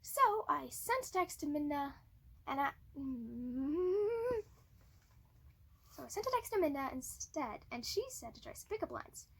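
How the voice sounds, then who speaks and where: Giggly flustered girl, high lively voice. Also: unhurried, vocal fry, slight background noise. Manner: giggly and flustered, restarting lines. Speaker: cosplay skit performer. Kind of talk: flubbed takes of a cosplay skit.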